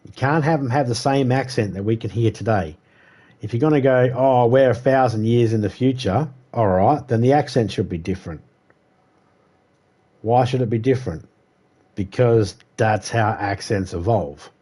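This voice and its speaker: Man, game streamer, casual rambling commentary, profane, dark mellow tone. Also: mid-range voice, normal speed. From United States. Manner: rambling, profane, chatty monologue.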